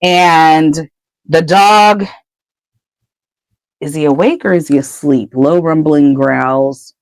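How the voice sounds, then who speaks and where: A woman co-hosting a podcast, retelling a book chapter in casual chat with lively storytelling. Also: sits low, slow pace, dry recording, rough recording. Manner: animated storytelling. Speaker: podcast co-host.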